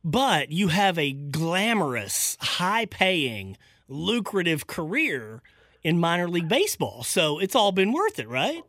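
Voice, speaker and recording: Bright, chatty sports radio host man. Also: a little high, sing-song, unhurried, dry recording, studio quality. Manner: chatty, self-deprecating, restarts a lot. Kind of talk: casual radio sports talk.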